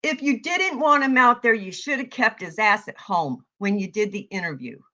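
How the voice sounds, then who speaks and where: A woman giving a heated, profane commentary rant, yelling at times. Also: medium pitch, expressive, normal speed. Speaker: online commentator.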